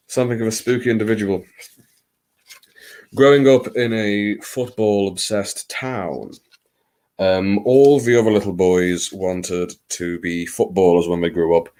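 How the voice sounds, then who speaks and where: A man's voice: on the low side, normal speed, a little mellow. A man hosting a late-night live stream, chatting in a theatrical, rambling, self-mocking way.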